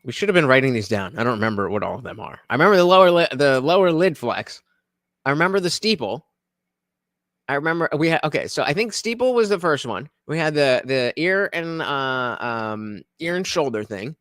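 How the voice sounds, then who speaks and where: Animated, rambling male reaction streamer. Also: on the high side, dry recording, clean studio sound. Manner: animated, rambling with many fillers, reads viewer comments aloud. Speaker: streamer reacting to a podcast clip. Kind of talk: casual reaction commentary.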